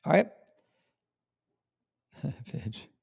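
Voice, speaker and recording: A man's voice: very slow, darkish tone, no room sound, clean studio sound. A man hosting a live trading stream, talking casually and emphatically, repeating words for stress and swearing when riled. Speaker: trading livestream host.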